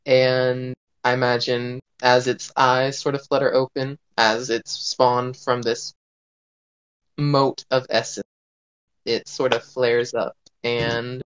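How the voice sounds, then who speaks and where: A tabletop game player who describes their actions hesitantly and often pauses to search for words. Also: mid-range voice, fairly even intonation, fairly bright tone, clear, resonant tone, lo-fi sound.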